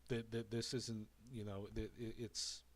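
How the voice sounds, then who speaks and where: Speaking at a measured pace in a lowish, level voice, a streamer gives casual, rambling commentary and repeats himself. He's a little winded, having just had a drink.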